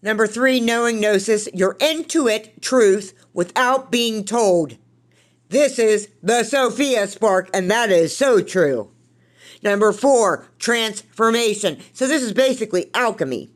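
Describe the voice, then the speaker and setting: A woman's voice: a little high, expressive, slow. A woman hosting a podcast, giving an earnest spiritual self-help talk, candid and blunt with occasional swearing, speaking from her own recovery. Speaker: podcast host.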